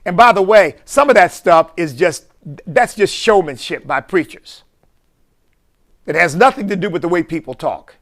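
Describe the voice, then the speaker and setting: A man's voice: high-pitched, animated, moderate pace, a bit bright. A man, a bishop, giving impassioned preaching-style commentary full of rhetorical questions.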